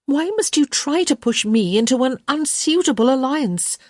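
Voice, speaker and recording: A woman's voice: sits high, lively intonation, normal speed, no echo, pitched above the performer's own voice. A woman voicing a stubborn young unmarried lady who answers her mother in a dry, teasing way. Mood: protesting.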